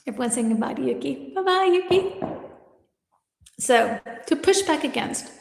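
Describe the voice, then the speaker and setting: Chatty high-voiced woman teacher in an echoey room. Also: brisk, creaky. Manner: chatty, upbeat, laughs at her own slips. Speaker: English teacher and livestream host. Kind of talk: live-streamed English lesson, reading viewer chat. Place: home studio, lives in Germany.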